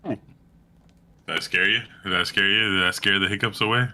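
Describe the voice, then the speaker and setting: Man, podcast co-host, casual chat, teasing, corrective, low voice. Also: fairly even intonation, a little fast, pushed and bright.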